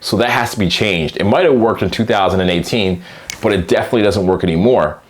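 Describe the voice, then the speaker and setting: A man coaching on dating and sales in a casual, animated monologue, acting out short exchanges with plenty of filler words. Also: fairly low pitch. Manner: animated, acts out quick dialogues with filler words.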